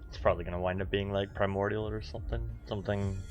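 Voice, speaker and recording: A man playing a tabletop game who speaks haltingly, with many fillers, while he checks the rules. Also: lowish voice, steady tone, soft background music. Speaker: player. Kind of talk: casual tabletop game play.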